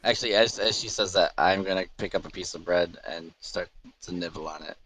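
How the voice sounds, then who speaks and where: A man's voice: sits low, a little fast, fairly bright tone. A man casually describing his character's actions as a player in a tabletop game, with a joking tone.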